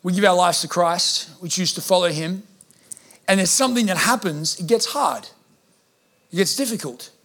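A man's voice: high-pitched, normal speed, a bit bright. A man preaching a sermon as a pastor, humorous and acting out the voices he quotes. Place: church hall with congregation.

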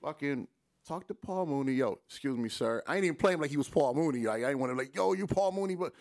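A fast-talking Detroit man tells casual stories on a podcast, captured in a dry recording. He's animated and profane, acting out quotes with big jumps in pitch.

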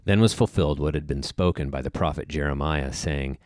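A man with a very deep voice gives a liturgical scripture reading. He reads in a steady, formal way. The recording is close and dry, with no room sound. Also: fairly quick, hardly any pauses, no room sound. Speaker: scripture reader.

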